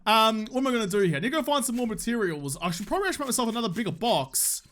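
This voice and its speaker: A young man with an Australian accent narrating his game session in loose, joking commentary. His voice sits high and rings bright, and he swears and bickers with the game as he plays. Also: sing-song, racing. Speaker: gaming YouTuber. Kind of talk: casual let's-play commentary.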